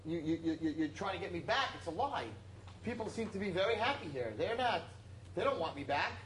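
A man acting out a proud, wounded king in exile, shouting in a voice pushed far up. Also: sits high, animated, a little fast, slight background noise, voice pushed up. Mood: accusing. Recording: roomy echo.

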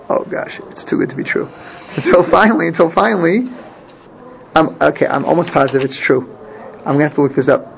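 A man's voice: a little high, vocal fry. A man teaching an informal Talmud class, thinking aloud with frequent restarts and rhetorical questions. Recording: dull lo-fi class recording with faint noise.

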